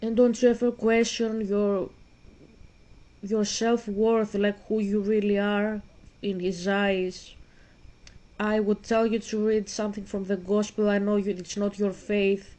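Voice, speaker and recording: A woman's voice: medium pitch, flat delivery, measured pace, mellow, rough recording. A woman talking earnestly and emotionally to a viewer about faith while she plays a video game. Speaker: gaming streamer. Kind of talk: casual talk while playing a video game.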